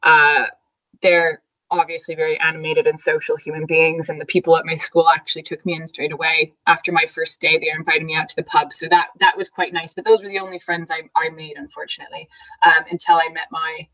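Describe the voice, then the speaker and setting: Chatty Canadian-raised woman, lowish voice. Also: little pitch movement, a little fast, sharp tone, poor audio. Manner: chatty, laughs often, many fillers. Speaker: interview guest, teacher. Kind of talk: casual conversational interview.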